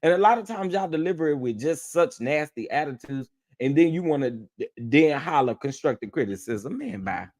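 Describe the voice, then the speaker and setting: Brief: male livestreamer, high and swooping voice, sassy and animated, casual rant. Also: normal speed. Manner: sassy, animated, laughing often. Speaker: livestream host.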